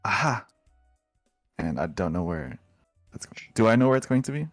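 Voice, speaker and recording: A man's voice: mid-range voice, sing-song, fairly quick, creaky, a little mellow, no echo, faint music behind. A man playing a tabletop game, talking through his moves hesitantly with many fillers. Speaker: player. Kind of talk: tabletop role-play.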